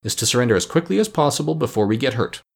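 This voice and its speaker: A man's voice: mid-range voice, animated, racing, gravelly. A man voicing a timid girl soldier in a storybook.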